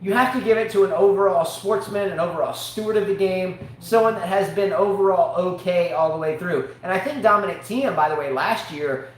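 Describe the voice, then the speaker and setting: A man co-hosting a live online sports talk show, ranting in an animated way with comic outbursts. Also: high voice, fairly quick, hardly any pauses. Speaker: show co-host. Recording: very echoey room, faint hiss.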